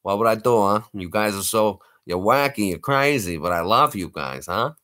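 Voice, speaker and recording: A man hosts a late-night livestream and chats easily with his viewers. He talks in a playful, joking way. His pitch moves a lot as he speaks. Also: expressive, normal speed, sharp tone. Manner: playful, jokey, slips into put-on accents. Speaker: livestream host.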